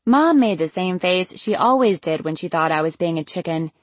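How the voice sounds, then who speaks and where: A woman's voice: lowish voice, lively intonation, moderate pace, no echo. A young woman narrating a novel in the first person, wry and casual, swearing now and then. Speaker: audiobook narrator.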